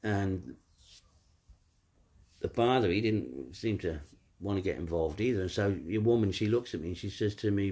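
A man's voice: low voice, expressive, normal speed, darkish tone. A man telling a personal story in a casual, rambling, wry way, with many fillers and restarts.

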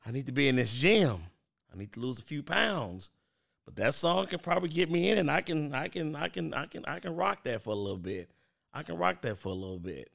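There's a creaky, fairly bright tone to this man's lowish voice as he hosts a podcast by himself in his thirties. Brisk and lively in intonation, he talks straight to listeners as "y'all," chatting casually with frequent restarts and fillers.

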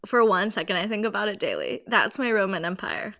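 A woman's voice: mid-range voice, very animated, fairly quick, sharp tone. A woman co-hosting a podcast, chatting casually in a playful, joking way and laughing a lot. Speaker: podcast co-host. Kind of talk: casual chat.

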